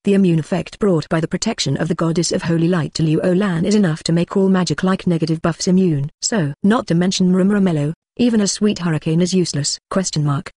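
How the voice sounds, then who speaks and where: A synthetic audiobook narrator reading in a flat machine manner and speaking punctuation marks aloud. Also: mid-range voice, quick pace, few pauses, no echo, clean studio sound.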